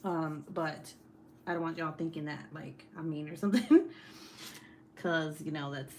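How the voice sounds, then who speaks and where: Streaming casually from home, a young woman reads viewer comments and chats, laughing a lot and cursing freely. Her voice sits low and is a little mellow and slow, with slight background noise present.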